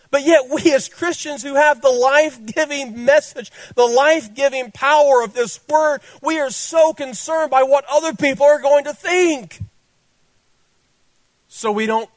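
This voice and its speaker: Fervent high-voiced male preacher. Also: no room sound. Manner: fervent, repetitive, pointedly direct to listeners. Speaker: pastor. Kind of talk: sermon.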